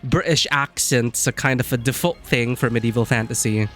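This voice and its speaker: A man's voice: mid-range voice, moderate pace, fairly bright tone, faint music behind. A man chatting casually on a live stream, rambling and friendly as he greets viewers.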